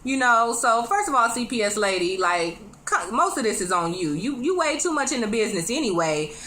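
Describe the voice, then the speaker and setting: A chatty woman gives a casual recap of a TV episode. Her voice is bright and sits a little high, and she stays animated, laughs often and talks straight to her viewers. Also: slight background noise. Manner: addresses viewers directly with quick asides. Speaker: TV show reviewer.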